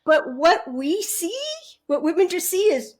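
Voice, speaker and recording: Lebhafte Frau mit hoher Stimme. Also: female voice, very high voice, unhurried. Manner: animated, laughs often, acts out quotes. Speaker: guest relationship educator. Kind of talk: conversational interview storytelling.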